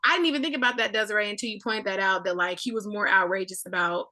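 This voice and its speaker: Bright-voiced woman leading a discussion. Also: mid-range voice, fast. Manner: thoughtful, many filler likes. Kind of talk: casual group discussion.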